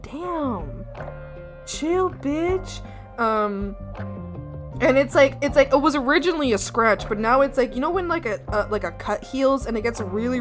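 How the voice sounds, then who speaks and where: A young woman with a slightly high voice chats loosely to her stream, rambling through stories full of fillers and breaking into giggles. Her humor is crude and playful. Quiet background music sits faintly under her voice. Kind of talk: casual live-stream chat. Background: soft background music.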